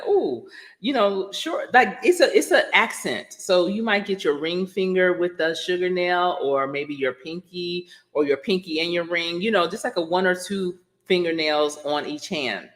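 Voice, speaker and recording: A woman coach chatting casually on a live stream. She rambles, laughs often and answers her viewers directly. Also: on the low side.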